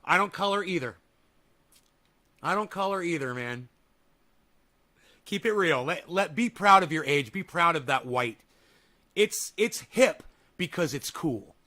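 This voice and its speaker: A man with a high-pitched, bright voice gives casual reaction commentary. He talks sarcastically and breaks into yelled rants. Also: animated, a little slow, pauses often. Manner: sarcastic, swings into yelling rants. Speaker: streamer reacting to a video.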